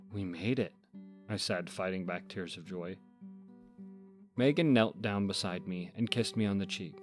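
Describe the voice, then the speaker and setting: A man narrating a first-person horror fable in a measured, deadpan, scripted way as host of a story podcast. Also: low voice.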